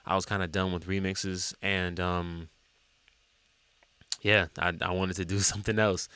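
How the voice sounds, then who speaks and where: A man musician talking casually to camera about his songs, rambling with many fillers and sudden jumps up in pitch. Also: level tone, a little slow, pauses often, sharp tone, clear, resonant tone, no room sound. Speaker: musician and TikTok creator.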